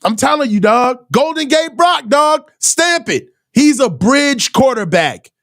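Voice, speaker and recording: A man hosting a live football reaction stream, ranting in exasperation with heavy slang and frequent shouting. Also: very high voice, very animated, unhurried. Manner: shouts often in frustration. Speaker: sports reaction host. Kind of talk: live game reaction commentary.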